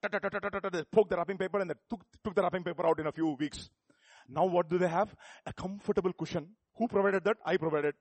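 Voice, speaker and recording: A middle-aged pastor, preaching a sermon full of rhetorical questions that builds to emphatic peaks. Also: male voice, high voice, fast talker, darkish tone, husky, no echo.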